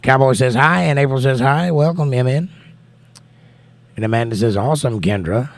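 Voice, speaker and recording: A man's voice: mid-range voice, normal speed, no echo. A man hosting a livestream, reading viewer comments aloud and answering them in casual chat.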